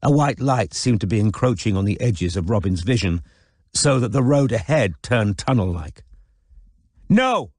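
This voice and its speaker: A man narrating a novel in an audiobook in a measured, even reading. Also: fairly low pitch, no echo, studio quality. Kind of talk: scripted narration.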